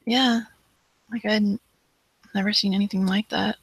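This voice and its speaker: A co-host in casual talk, speaking hesitantly with many fillers and dropping to a hush when awed. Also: mid-range voice, level tone, unhurried, gravelly, breathy edge, no echo, low-quality recording. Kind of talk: casual live-show chat.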